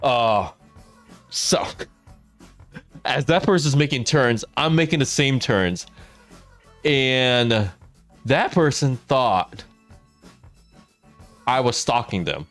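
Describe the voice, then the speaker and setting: A man's voice: mid-range voice, animated, very slow, pauses often, fairly bright tone, faint music behind. A man telling a funny story to his stream while gaming, laughing often as he talks.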